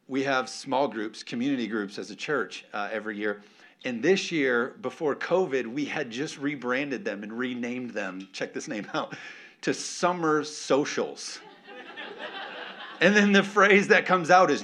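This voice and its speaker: A man preaching a sermon as a pastor, animated and playful, often calling out for an amen from the congregation. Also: medium pitch, moderate pace. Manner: animated, playful, calls for amens.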